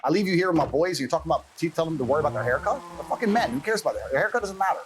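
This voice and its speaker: A man's voice: fairly high pitch, animated, racing, background noise, natural voice. A man retelling his angry, principled father's blunt, swearing outburst in a raised voice. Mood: furious.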